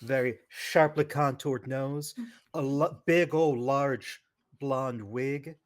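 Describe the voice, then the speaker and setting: A man's voice: medium pitch, steady tone, slow. A man playing a tabletop game, describing his character playfully with small restarts. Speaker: player. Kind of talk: casual tabletop play.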